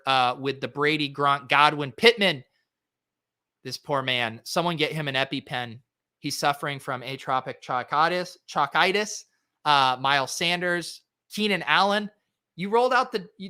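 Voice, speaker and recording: A man's voice: medium pitch, sharp tone, clear, resonant tone, no echo, clean studio sound. A man hosting a fantasy sports show, reviewing lineups in a casual, chatty way with lots of fillers. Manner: chatty, filler-heavy, quick asides. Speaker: fantasy sports podcast host.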